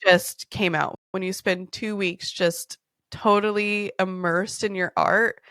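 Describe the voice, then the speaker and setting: A woman's voice: medium pitch, steady tone, slow, a bit bright, dry recording. Woman in her 30s hosting a podcast, blunt and sweary, tells stories with a laugh, dry close sound. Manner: candid, profane, laughing storyteller. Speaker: podcast host. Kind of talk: casual storytelling chat.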